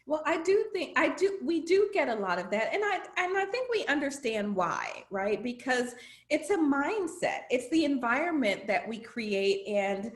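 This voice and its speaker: A woman's voice: high voice, big pitch swings, normal speed, roomy sound. A woman guest, a leadership trainer, explaining her program in an interview and asking rhetorical questions. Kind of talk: interview answers.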